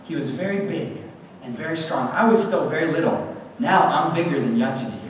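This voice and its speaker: At a church hall event, a man with a slightly high voice gives a lively personal testimony, speaking a little fast and slipping into other people's voices. He is recorded from far off in a big echoing hall with long reverb and steady room noise beneath.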